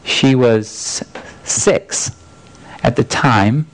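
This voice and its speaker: A man's voice: mid-range voice, extremely slow, rough recording. A man, preaching a sermon as a folksy, earnest personal story with frequent restarts. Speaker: pastor.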